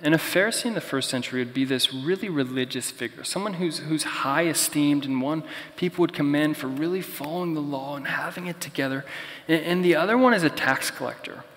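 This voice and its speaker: A man's voice: fairly high pitch, a little fast, fairly bright tone, long reverb tail. A young man preaching a sermon as pastor in a conversational, storytelling way. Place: church.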